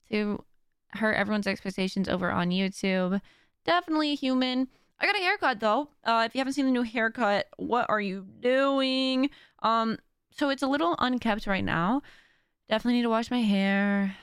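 A woman's voice: mid-range voice, fairly bright tone, clear, resonant tone, no room sound, studio quality. A young adult woman hosting her own podcast in casual chat, talkative and rambling with joking asides. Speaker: podcast host.

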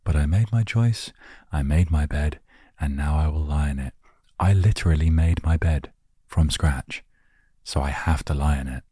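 Inside his van, a man with an extremely deep, dark, husky voice speaks slowly and gently into a close studio microphone. Hosting a relaxation word show, he rambles in a soft, self-mocking way meant to calm the listener, and the sound is dry and intimate with no room sound.

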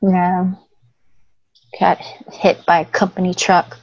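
A woman's voice: on the low side, monotone, slow pace, darkish tone, no room sound. A chatty young woman guest rambles on in a casual conversation, laughing often. The recording is dry and slightly muffled, with a lo-fi sound. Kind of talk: casual chat.

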